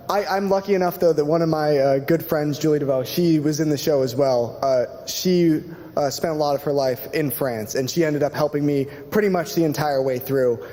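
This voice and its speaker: A man's voice: on the high side, dark tone. A teenage boy, a student actor, answering earnestly with some hesitation. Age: teens. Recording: reverberant auditorium.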